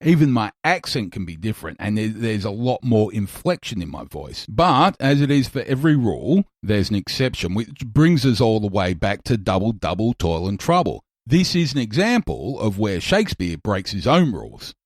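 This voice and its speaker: Guy hosting a podcast, lowish voice that swings around a lot, dry close mic, talks it through. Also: sing-song, normal speed, few pauses, dry recording. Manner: reflective, explanatory, pushes voice hard. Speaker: podcast host. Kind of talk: casual podcast monologue and chat. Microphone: studio mic, gain turned down.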